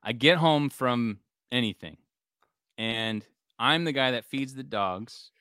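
A man's voice: medium pitch, lively intonation, slow, pushed and bright, clear, resonant tone, no room sound, clean studio sound. A man in his thirties co-hosting a podcast, telling family stories in casual chat and laughing often. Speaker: podcast co-host.

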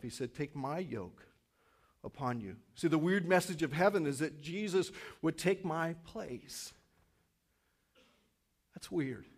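A man in his fifties preaching a sermon in a church, animated, acting out inner voices and swinging from loud to quiet. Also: a little high. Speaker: pastor.

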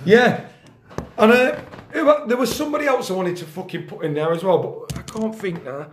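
A man's voice: sits high, moderate pace, echoey room, slight background noise. A man hosting a casual football talk in his kitchen, ranting angrily and swearing constantly. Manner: angry, sweary, rants loudly. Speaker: podcast host, grassroots football coach.

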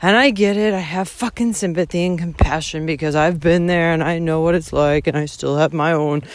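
A young woman hiking vlogger ranting outdoors into her phone, swearing constantly and swinging between shouting and muttering. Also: deep voice, fairly quick, no room sound. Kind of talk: profane ranting monologue. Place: outdoors on a coastal hiking trail.

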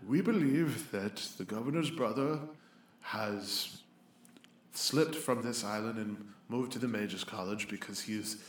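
A man puts on a stern older mage elder in a tabletop game, speaking with formal, lecturing gravity. The delivery is measured and disapproving. The voice sits in a roomy, echoing space. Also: on the low side, pitched below the performer's own voice, close to an everyday voice. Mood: grave.

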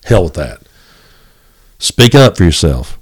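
A man's voice: low-pitched, sing-song, slow, husky. Blunt, fired-up male podcast host. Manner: blunt, fired-up, profane, repeats words when restarting. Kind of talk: solo podcast monologue.

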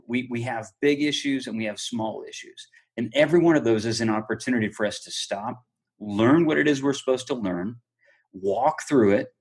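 A man's voice: mid-range voice, husky. A man hosting an interview, thoughtfully reflecting on and affirming his guest's point in a conversational way. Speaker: podcast host.

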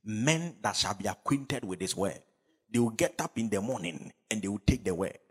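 Fervent preacher, husky and animated. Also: male voice, lowish voice, moderate pace. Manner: fervent preaching with call and response to the congregation. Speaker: pastor. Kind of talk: sermon.

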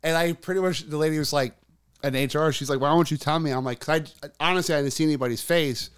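A man on a casual podcast spinning a crude anecdote, full of "like" and restarts. His voice is smooth and clear and sits a little high. He talks fast and loose, carried along by the story. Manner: rambling, profane, quick storyteller with filler words. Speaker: podcast co-host.

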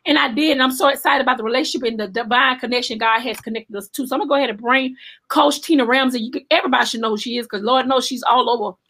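A woman from Alabama with a Southern accent, hosting a chat show, expressive and full of faith talk. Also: fairly high pitch, racing. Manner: expressive, faith-filled, acts out her own quotes. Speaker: show host. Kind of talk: casual interview chat.

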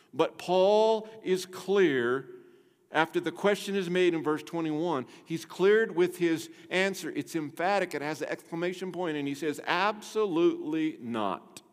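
An older man preaching a sermon, emphatic, asking rhetorical questions and swinging between loud and soft. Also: sits high. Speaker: pastor. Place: church sanctuary. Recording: long hall reverb.

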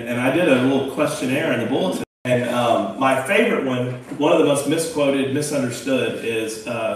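Folksy man teaching Bible study, echoey room. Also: medium pitch. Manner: folksy, emphatic, asks rhetorical questions. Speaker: preacher leading a Bible discussion. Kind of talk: casual Bible study talk. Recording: echoey room, distant mic, faint noise.

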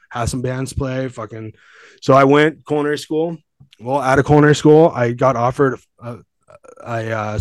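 A man's voice: mid-range voice, a little mellow, no room sound. Profane, fired-up man telling stories. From Southern California. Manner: profane, emphatic, rambling with restarts. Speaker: podcast guest, gym owner. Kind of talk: casual storytelling.

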